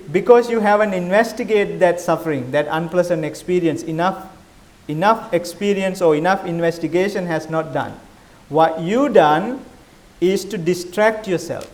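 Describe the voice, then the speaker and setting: A man's voice: sits high, darkish tone. A middle-aged man, a Buddhist monk, giving a conversational dharma talk, often asking his listeners questions, with non-native phrasing.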